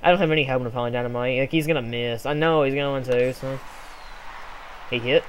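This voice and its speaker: A young man casually commenting on a sports video game he is playing, rambling and excitable with sudden yells. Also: mid-range voice, a little fast, a little hiss or hum. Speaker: gameplay commentator. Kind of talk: casual let's play commentary.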